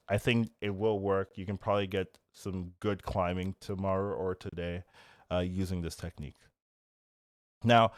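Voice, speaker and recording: A man's voice: on the low side, smooth, dry recording, studio quality. A young man and content creator, casually talking through card game decks with fillers and restarts, getting livelier as he goes. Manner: chatty, many fillers and restarts, gets louder and livelier when animated.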